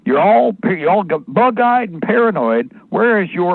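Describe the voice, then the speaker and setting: A man's voice: high voice, sing-song, moderate pace, hardly any pauses, slightly rough, no room sound. A man hosting a live radio talk show, ranting angrily and rambling in a profane, combative way. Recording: tinny phone-like dry sound.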